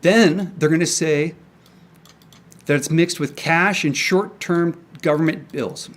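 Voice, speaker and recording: Angry young man ranting, pitched a bit high. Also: takes it slowly. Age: young adult. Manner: swearing, agitated, stumbling restarts. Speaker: independent crypto commentator. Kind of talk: angry solo rant to camera. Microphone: camera mic.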